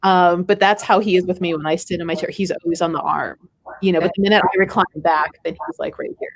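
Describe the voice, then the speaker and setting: Woman telling a relaxed anecdote. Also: lowish voice, fast. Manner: relaxed anecdotal storytelling with frequent laughter. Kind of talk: casual group chat.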